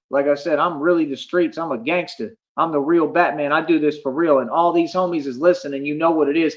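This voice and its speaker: A man's voice: on the high side, lo-fi sound. A man livestreaming, ranting boastfully at his chat, defiant and repetitive, calling listeners homie. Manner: brash, defiant, repeats himself and calls listeners homie.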